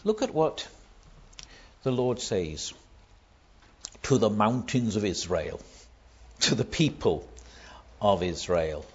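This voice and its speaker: A man preaching a sermon, building to loud emphatic stresses on key words. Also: lowish voice, very animated, slow pace, pauses often, highs cut off.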